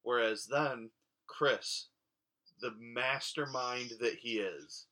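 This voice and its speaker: A man's voice: mid-range voice, slow pace, sharp tone. A man co-hosting a podcast, recapping a reality show in casual chat and mocking the contestants sarcastically. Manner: sarcastic, mocks the contestants in quoted voices. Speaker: podcast co-host.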